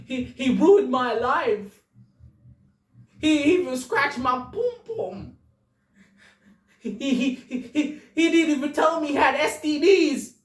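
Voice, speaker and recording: A woman's voice: mid-range voice, darkish tone, recorded from a distance, lightly acted. A woman voicing a despairing woman on a cliff edge who stammers over repeated words, in an echoey room away from the mic. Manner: stammering repeated words while listing grievances.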